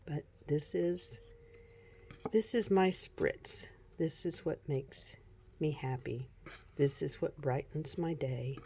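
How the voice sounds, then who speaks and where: A woman vlogging casually at home about her tarot decks, soft-spoken and unhurried, often breaking into giggles. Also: low-pitched, slight background noise. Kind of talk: casual show-and-tell vlog.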